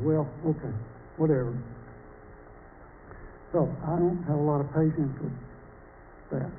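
Man, church class teacher, joking and chatty, slightly high voice, tinny phone-like line, faint hiss. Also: measured pace, long pauses. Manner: joking, chatty, quizzes the audience.

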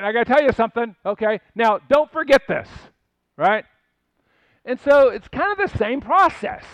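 A man's voice: very high-pitched, no echo, lo-fi sound. An older man preaching a sermon as pastor, talking in a conversational storytelling way with asides and rhetorical questions.

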